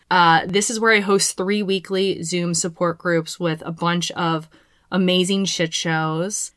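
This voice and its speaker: A woman's voice: medium pitch, fairly bright tone, no room sound, studio quality. A woman hosting her own podcast, casual and playful, with frequent swearing. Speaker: podcast host. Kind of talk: solo podcast intro.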